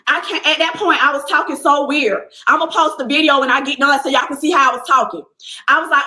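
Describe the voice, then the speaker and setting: A young woman telling viewers a personal story in casual, animated speech, acting out what people said to her. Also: sits high, quick pace, roomy sound, low-quality recording.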